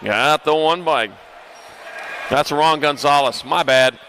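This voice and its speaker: A man calling live racing over a PA at an outdoor track, rattling off riders' names in quick, playful bursts. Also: on the high side, noisy background. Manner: rapid-fire, playful, calls names in quick lists. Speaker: race announcer. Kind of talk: live race commentary. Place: outdoor racetrack.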